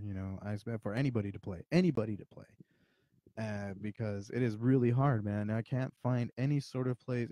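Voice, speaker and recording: A man's voice: fairly low pitch, dark tone, no echo. A slightly drunk man hosting a podcast, rambling and swearing in casual chat. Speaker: podcast host.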